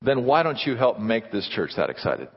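Animated male pastor in a reverberant hall. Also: medium pitch, normal speed, slightly rough, lo-fi sound. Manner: animated preaching, acting out little dialogues. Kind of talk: sermon.

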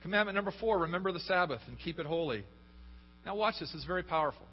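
A man's voice: high voice, animated, fast. Emphatic male preacher in echoey hall. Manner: emphatic, asks the congregation questions. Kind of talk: sermon. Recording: echoey hall, dull lo-fi, faint hum.

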